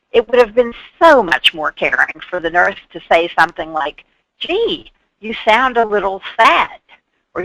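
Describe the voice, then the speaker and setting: A woman's voice: medium pitch, sharp tone, no room sound, poor audio. A woman presenting an instructional webinar on patient care, explaining through worked examples and briefly acting out what people might say.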